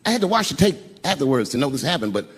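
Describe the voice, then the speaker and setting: Very animated and very fast, an older comedian with a medium-pitched voice tears through a profane story onstage, imitating the people in it. It's a live arena recording on a handheld mic, filled with crowd noise and laughter.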